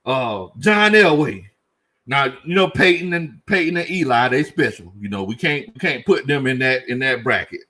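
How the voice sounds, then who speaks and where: A man's voice: medium pitch, expressive, normal speed, pushed and bright. A man hosting a casual sports commentary livestream, reading out chat comments and joking, repeating lines for emphasis. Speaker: sports show host.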